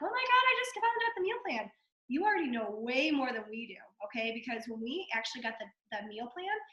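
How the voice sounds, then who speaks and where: Hoarse lady coach in her 30s, super chatty, lots of likes and okays, bright voice in an echoey room. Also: a little high, lo-fi sound. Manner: chatty, fillers and repeated okay. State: hoarse from a cold. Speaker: fitness coach guest. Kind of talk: casual motivational talk.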